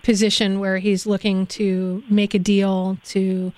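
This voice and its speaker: A woman's voice: medium pitch, little pitch movement, measured pace, a little mellow. A woman hosts a radio interview and asks her guest questions in an easy, conversational way. Her voice sounds close and dry, with no room echo around it. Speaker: radio show host.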